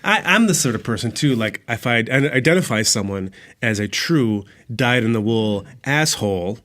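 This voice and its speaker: Animated American man telling a story. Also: medium pitch, moderate pace. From United States. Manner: animated storyteller, acts out quotes, swears freely. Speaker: podcast co-host. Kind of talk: casual chat.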